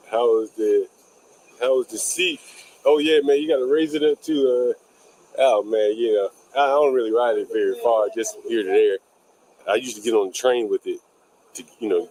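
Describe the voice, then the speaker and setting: A man's voice: fairly low pitch, darkish tone, a little hiss or hum, poor audio. A man hosting a casual livestreamed street interview outdoors, talking in a loose, rambling way and swearing offhandedly. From Washington, DC. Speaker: host, landlord interviewer.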